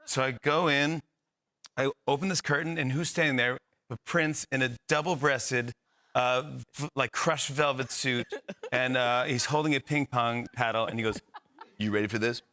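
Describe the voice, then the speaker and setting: Bright, lively man telling a comic story. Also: medium pitch, moderate pace. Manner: animated storyteller acting out the other voices. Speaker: talk show guest. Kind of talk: comic anecdote on a talk show.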